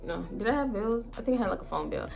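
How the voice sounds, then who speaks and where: A woman's voice: mid-range voice, quick pace, creaky, soft background music. Chatty, profane young woman. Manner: profane, chatty, animated storytelling to viewers. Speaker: vlogger. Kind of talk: casual storytime chat. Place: home, indoors. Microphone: phone camera.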